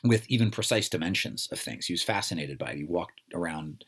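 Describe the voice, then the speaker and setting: A man's voice: low-pitched, expressive, a little fast, fairly bright tone, husky. A man from the United States giving an informal lecture, talking conversationally with many fillers and asides.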